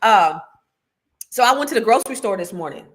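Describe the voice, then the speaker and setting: A woman's voice: mid-range voice, lively intonation, brisk, fairly bright tone. A woman, hosting a casual livestream and chatting animatedly with her viewers. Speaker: livestream co-host.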